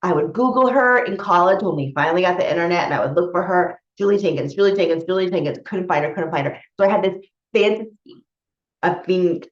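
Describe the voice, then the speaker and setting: A woman's voice: on the low side, lively intonation, brisk. A woman who coaches others on spiritual matters, telling a personal story in a candid, rambling way, with restarts and casual swearing. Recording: echoey room, dull lo-fi sound.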